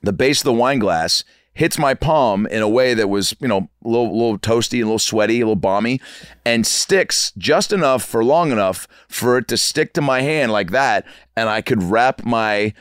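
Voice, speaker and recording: A man in his thirties telling comic stories as a podcast guest, animated and acting out the people in them. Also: medium pitch, normal speed, clean tone, no echo, studio quality. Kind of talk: comic storytelling. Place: podcast studio.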